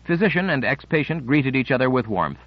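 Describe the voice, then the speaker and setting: A man giving scripted audiobook narration in a measured, unhurried reading. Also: medium pitch, big pitch swings, no echo. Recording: dry, slightly muffled studio recording.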